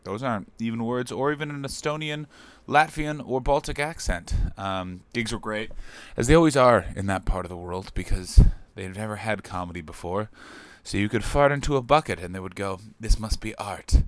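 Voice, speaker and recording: Rambling jokey man, smooth dry voice. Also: on the low side, moderate pace, hardly any pauses, dry recording. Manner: rambling, jokey, loud bursts of excitement. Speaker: podcast host. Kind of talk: solo comedic podcast monologue.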